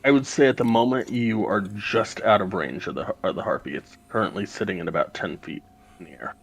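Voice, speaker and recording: A man's voice: lowish voice, a little fast, slightly rough, low-quality recording. A man running a tabletop game as game master, talking with hesitant fillers.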